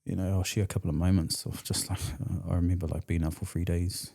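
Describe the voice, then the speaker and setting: A man's voice: sits low, level tone, fast talker, creaky, warm tone. A man from New Zealand with a New Zealand accent, a podcast guest telling his story in a blunt, profane, slangy way. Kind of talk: candid storytelling in conversation.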